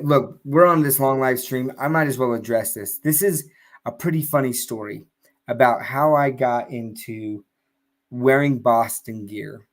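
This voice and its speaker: A man on a live stream telling a long casual story, full of fillers and restarts, laughing now and then. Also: medium pitch.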